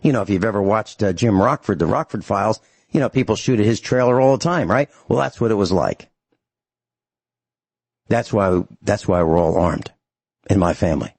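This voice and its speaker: Angry, husky male talk radio host. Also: fairly low pitch, animated, normal speed, a little mellow, no room sound. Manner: angry, emphatic ranting.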